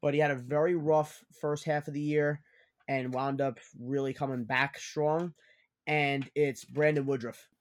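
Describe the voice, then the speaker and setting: A man's voice: a little high, little pitch movement, unhurried. A young adult man hosting a casual sports podcast, talkative and steering the discussion with bold picks. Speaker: podcast host.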